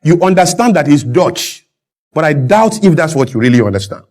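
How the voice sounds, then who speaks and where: Emphatic high-voiced man. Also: normal speed. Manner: emphatic, animated, builds to loud peaks. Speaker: guest speaker. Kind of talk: impassioned talk-show discussion.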